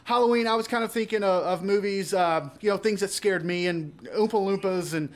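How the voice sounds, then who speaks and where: A man's voice: sits high, a little fast. A man hosting a casual film interview, asking questions in an easygoing way. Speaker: interview host.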